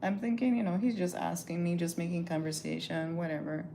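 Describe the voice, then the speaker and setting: Woman, low gravelly voice, animated profane storytelling, livestream, faint background hiss. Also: brisk. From Caribbean. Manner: animated, profane, chatty, acts out quotes.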